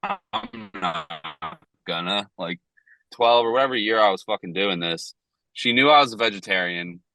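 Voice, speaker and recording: A man's voice: lowish voice, big pitch swings, a little slow, bright, forceful tone, no echo, poor audio. A man co-hosting a casual podcast, telling stories in a loose, profane way. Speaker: podcast co-host.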